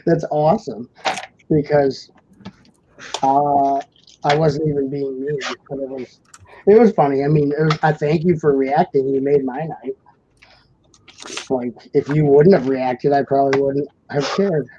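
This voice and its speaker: Speaking unhurriedly with long pauses, a young adult stream host from Indiana rambles through viewer comments, quick to laugh and heavy on "like." The tone is mellow, steady, and medium-pitched. The audio is muffled, with a faint background noise.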